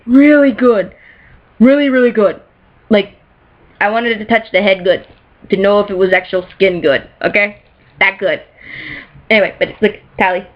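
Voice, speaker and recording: A young woman chatting excitedly in a casual vlog, rambling, correcting herself and laughing as she goes. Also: mid-range voice. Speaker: vlogger. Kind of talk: casual show-and-tell vlog. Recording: dull lo-fi home video.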